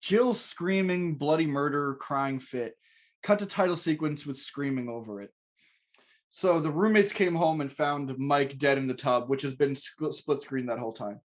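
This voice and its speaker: A man's voice: on the high side, moderate pace. A man co-hosting a podcast, reading stage directions from a script and chatting in a crude, joking way, often laughing. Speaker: podcast co-host. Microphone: podcast mic.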